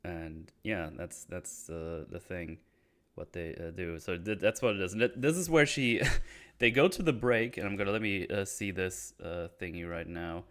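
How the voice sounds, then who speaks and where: Low-voiced man rambling about a movie. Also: moderate pace, fairly bright tone. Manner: hesitant, many fillers, retells scenes. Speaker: podcast host. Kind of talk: casual movie discussion.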